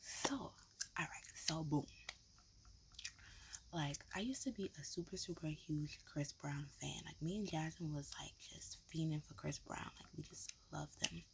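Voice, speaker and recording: A woman, whispering and talking low in a whispered role-play style, chewing gum close to the mic, with many likes and ums. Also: measured pace, slight background noise. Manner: mixes soft whisper with low talking, filler-heavy. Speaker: ASMR vlogger. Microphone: close ASMR mic, gum chewing.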